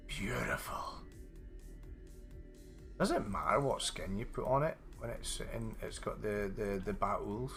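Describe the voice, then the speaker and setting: A man's voice: lowish voice, measured pace, gravelly, pauses often, a bit bright, faint music behind. A man live-streaming a game, chatting casually with viewers, swearing a lot and going off on rambling rants. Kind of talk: casual live-stream chat while gaming.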